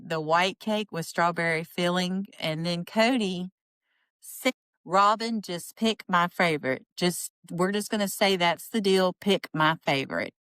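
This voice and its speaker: A woman hosting a podcast, recapping a reality show in a chatty, indignant way and quoting people in lively voices. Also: lowish voice, no room sound. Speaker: podcast host. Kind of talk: casual commentary on a reality show.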